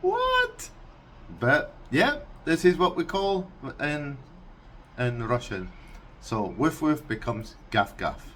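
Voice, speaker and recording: A Scottish man vlogging casually, unhurried and amused, breaking into animal noises. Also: mid-range voice, lively intonation, fairly bright tone, a little hiss or hum. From Scotland. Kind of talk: casual explainer vlog.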